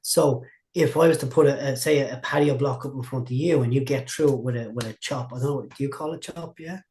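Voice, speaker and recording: A man's voice: medium pitch, a little fast, darkish tone, slight background noise. A man, a martial arts instructor telling long, rambling stories in a casual interview, often repeating and restarting his words.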